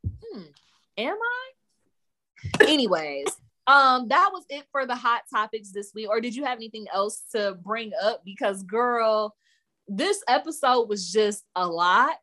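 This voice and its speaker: A woman's voice: fairly high pitch, moderate pace. A woman co-hosting a casual podcast, recapping a reality show in a blunt, sassy, profane way. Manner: sassy, blunt, profane, animated retelling with laughter. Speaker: podcast co-host.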